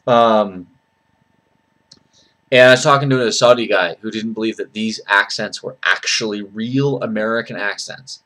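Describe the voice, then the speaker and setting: A man's voice: on the low side, moderate pace, bright, forceful tone. Rambling, hesitant man vlogging. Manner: rambling, hesitant, many fillers. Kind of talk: casual vlog talk.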